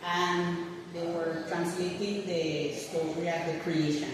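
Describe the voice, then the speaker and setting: Creole-accented woman, museum guide and English teacher, lively teller; distant mic in a reverberant hall with noticeable background noise. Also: fairly low pitch, slow pace. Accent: Nicaraguan Creole English. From Bluefields, Nicaragua. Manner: animated storyteller, acts out quoted speech. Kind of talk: casual interview.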